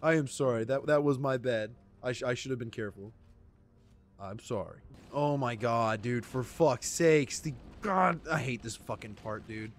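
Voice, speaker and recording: A man playing a shooter game cooperatively with a friend, swearing a lot and swinging between yelling and quiet mumbling. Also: medium pitch, moderate pace, soft background music. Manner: loud, profane, swings from shouting to mumbling. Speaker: gaming channel host. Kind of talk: casual co-op gaming chat.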